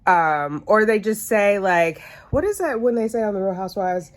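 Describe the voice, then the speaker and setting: A woman's voice: medium pitch, expressive, normal speed. A woman vlogger talking casually to camera about relationships, a bit congested, chatty and rambling with asides and self-corrections. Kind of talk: casual advice chat to camera. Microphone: phone camera.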